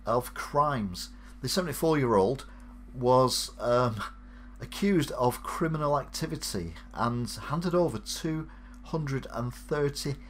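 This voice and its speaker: A man's voice: medium pitch, a little hiss or hum. A man with a British accent hosts a weekly live show, reading odd news stories and adding sarcastic, wry asides. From United Kingdom. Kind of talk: offbeat news commentary.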